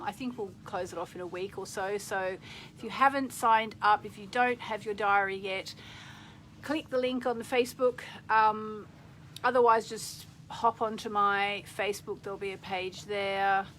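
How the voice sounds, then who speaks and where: A woman's voice: mid-range voice, a bit bright, slight background noise, low-quality recording. A middle-aged woman hosting a casual live stream, chatting in a rambling way and reading out viewer comments.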